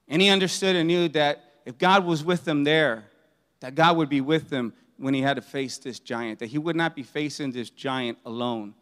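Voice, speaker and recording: Pastor, man, fairly high voice, emphatic sermon delivery, long hall reverb. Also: fairly bright tone. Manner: emphatic preaching with storytelling.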